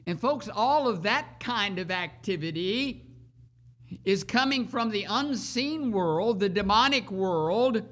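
A preacher giving a sermon and reading scripture, speaking deliberately and repeating key phrases for emphasis. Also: medium pitch, lively intonation, fairly bright tone.

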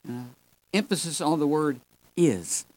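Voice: medium pitch, lively intonation, unhurried, a little mellow, low-quality recording. A Sunday school preacher giving a Bible teaching sermon, who stresses points by repeating key words and calls the listeners folks.

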